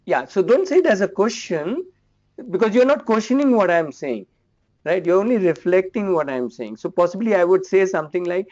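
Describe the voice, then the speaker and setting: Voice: mid-range voice, animated, fairly quick, darkish tone. A workshop trainer, coaching participants through a parenting role-play in a direct, encouraging way. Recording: dull lo-fi recording.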